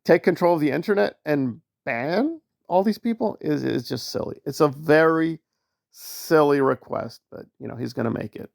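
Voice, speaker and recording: A man's voice: on the high side, animated, normal speed, creaky, dry recording, studio quality. A man from the northeastern United States giving casual commentary in a wry, sarcastic way.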